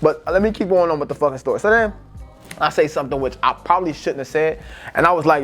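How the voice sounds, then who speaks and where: A man with an American accent, telling a story in a casual, profane and animated vlog. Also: a little high, quick pace, faint music behind. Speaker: vlogger.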